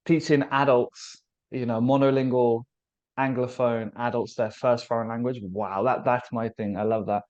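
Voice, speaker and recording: British male host, chatty and upbeat, mid-pitched, muffled lo-fi call sound. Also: level tone, normal speed, a little mellow. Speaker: host, language teacher. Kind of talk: casual video interview. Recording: dull lo-fi call audio.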